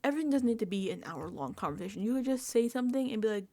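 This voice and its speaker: A woman giving a casual, emphatic reality-show recap and reaction, talking fast with lots of fillers. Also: on the high side. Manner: animated, emphatic, filler-heavy chatter. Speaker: recap vlogger.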